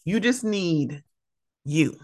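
A woman hosting her own podcast in a casual, animated, emotional way, laughing often. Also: on the low side, very slow, dry recording, studio quality. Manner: animated, laughing, emotional, mimics friends' voices. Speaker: podcast host. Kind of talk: casual solo podcast talk.

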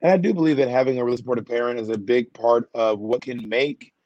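A man's voice: mid-range voice, fast, a little mellow, no room sound. Playful chatty man on a dull line. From United States. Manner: playful, self-mocking, talkative. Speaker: drag performer guest. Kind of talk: casual interview chat.

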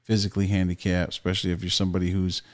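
A low-pitched man co-hosting a relaxed podcast. He talks loosely and bluntly, swearing as he reads out and riffs on news stories. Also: very fast. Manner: loose, profane, opinionated. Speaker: podcast co-host. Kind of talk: casual podcast chat.

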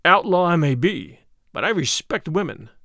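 A man's voice: fairly high pitch, sing-song, moderate pace, sharp tone, no echo, clean studio sound, exaggerated voice. A man doing a proud masked outlaw swordsman. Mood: scornful. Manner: commanding, scornful. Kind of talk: audiobook character voice.

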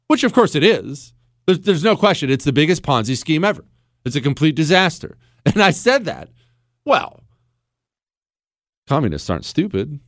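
Blunt, animated talk radio host, man. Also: on the high side, no echo, clean studio sound. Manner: blunt, emphatic, sarcastic, mocking voices. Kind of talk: opinionated talk radio monologue. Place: radio studio. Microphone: studio microphone.

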